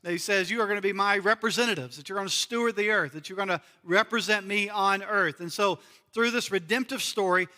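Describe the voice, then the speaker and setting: A man from the United States preaches in a church with a high, bright voice. He sounds earnest and leans on repeated key phrases for emphasis. The voice carries a long reverb from the hall. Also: a little fast. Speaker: pastor. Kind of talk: sermon. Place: church sanctuary.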